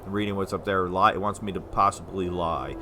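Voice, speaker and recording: A man from the United States giving casual, rambling let's-play commentary as a gaming video host, sometimes slurring syllables when excited. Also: deep voice, brisk, noisy background. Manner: rambling, chatty, self-deprecating.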